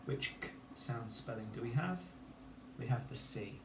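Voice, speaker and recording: A man leads a children's phonics lesson, sounding out each word sound by sound in a slow, deliberate way. He is heard from some distance, in a roomy space with a faint hum of ambience behind him. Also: medium pitch, expressive, a bit bright. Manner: slow, clear sounding-out of syllables. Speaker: teacher.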